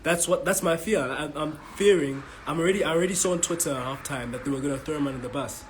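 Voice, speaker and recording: A man's voice: fairly high pitch, fast talker, slight background noise, low-quality recording. A man from South Africa giving a frustrated, swearing match reaction as a football fan vlogger, stumbling and repeating himself. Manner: frustrated, swearing, repetitive restarts.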